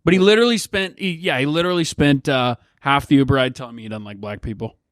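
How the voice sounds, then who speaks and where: A man co-hosting a podcast, recounting a bad ride in an animated, incredulous way. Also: mid-range voice, quick pace, no room sound, studio quality. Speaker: podcast co-host. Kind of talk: casual storytelling chat.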